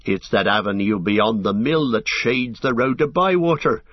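A man's voice: medium pitch, measured pace, husky, no room sound. A man voicing a loyal, homely male hobbit servant with rustic country speech, on a dull lo-fi recording. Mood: outraged.

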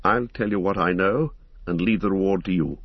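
A man voicing a wary, grim male ranger in an audiobook, measured and guarded in his delivery. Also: deep voice, no room sound, lo-fi sound. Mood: sly. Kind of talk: audiobook character voice.

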